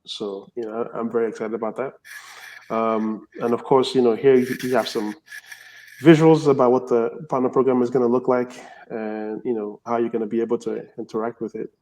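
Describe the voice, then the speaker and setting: A man on the team presenting updates on a casual community call, chatty and filling pauses with "you know" and "um". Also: medium pitch, level tone, a little mellow, rough recording.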